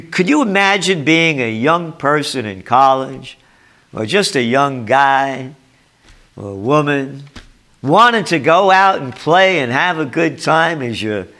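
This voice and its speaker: An older man with a thick New York accent delivers a ranting commentary, sarcastic and emphatic. His voice sits a bit high and sounds bright and forceful, hammering each point home. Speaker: trend forecaster.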